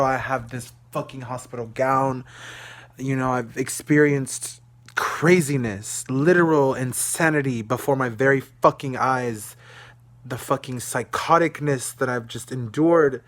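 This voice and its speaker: A young man from Dallas, Texas, records an emotional video diary in his room. He vents in an agitated, profane way, and at times his voice sinks to a low, weary murmur. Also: steady tone, measured pace. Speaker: vlogger.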